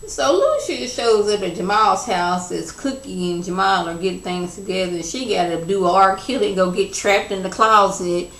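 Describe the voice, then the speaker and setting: A woman's voice: medium pitch, moderate pace, few pauses, fairly bright tone, slight background noise. A woman giving a casual spoken TV episode recap, chatty and slangy, full of "you know" and "like". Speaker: TV episode reviewer. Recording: echoey room.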